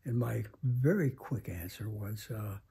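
A man in his nineties telling a story slowly, halting with many pauses and restarts. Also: lowish voice, gravelly, warm tone, slightly rough. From United States. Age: 90s. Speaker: interview guest. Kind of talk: reflective storytelling. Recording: home interview.

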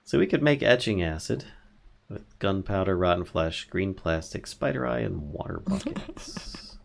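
Man, low voice, gravelly, casual gaming stream chat, thinks aloud, reads recipes, laughs often. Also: very animated, unhurried, background noise. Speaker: streamer, co-host.

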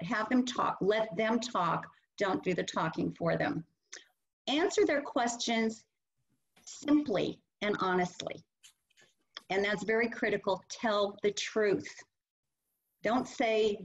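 A woman's voice: mid-range voice, measured pace. A woman presenting a workshop and teaching caregivers, earnestly acting out what to say to a child. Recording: muffled lo-fi webinar audio.

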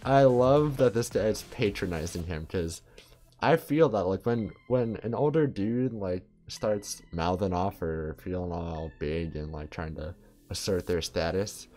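A man's voice: low voice, a little slow, mellow. An American man hosting a reaction video, talking in a laid-back, rambling way with lots of fillers. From United States. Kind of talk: casual reaction commentary.

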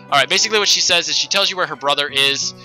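A man's voice: on the high side, very fast, bright, forceful tone, soft background music, rough recording. A man giving casual let's play commentary, rambling and correcting himself as he chats. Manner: rambling, self-correcting, chatty.

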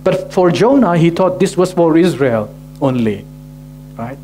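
A man's voice: fairly high pitch, lively intonation, a little slow, mellow, faint music behind. A male pastor preaching a sermon, asking rhetorical questions and often adding "right?" to his sentences. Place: church gathering.

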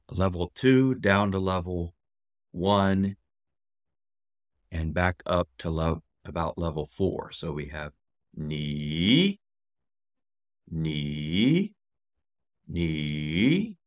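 A man teaching a casual video lesson, slowly repeating each word several times with relaxed fillers. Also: sits low, no room sound, clean studio sound. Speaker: language teacher.

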